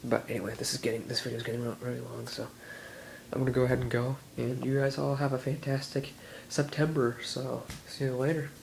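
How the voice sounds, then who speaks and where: An eighteen-year-old guy talks straight to the camera in a loose, rambling vlog, piling on "like" and "you know" as he gets excited. His voice sits at a middle pitch with a gravelly, fried edge. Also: fairly quick, a little hiss or hum, low-quality recording. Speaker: vlogger.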